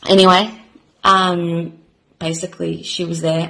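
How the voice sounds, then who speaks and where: A woman in her thirties with an Australian accent, speaking in a rather low voice. She introduces herself to camera as a new beauty vlogger in a rambling, halting way, full of fillers and restarts. She sounds emotional, close to tears. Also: low-quality recording. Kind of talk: casual heartfelt self-introduction to camera.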